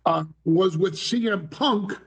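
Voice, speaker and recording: A man's voice: high-pitched, slow pace. A man talking as a talk show guest, theatrical and bombastic, acting out voices in his stories. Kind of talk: animated talk show interview.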